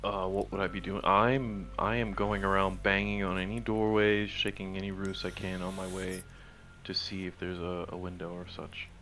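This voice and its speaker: A man's voice: low voice, little pitch movement, moderate pace, fairly bright tone, slight background noise. A man playing a tabletop game, plainly describing what his character does. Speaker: player. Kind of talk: casual tabletop chat.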